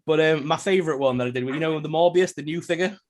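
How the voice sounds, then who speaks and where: A man co-hosting a casual podcast chat, quick and stumbling over his opening words. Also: fairly high pitch, a loud crowd. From Ireland. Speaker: podcast co-host.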